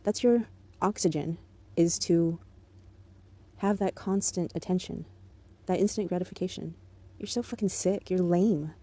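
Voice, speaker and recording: A woman's voice: lowish voice, mellow. A woman in an angry, profane monologue aimed at an ex-partner, bitter and contemptuous but controlled. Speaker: vlogger.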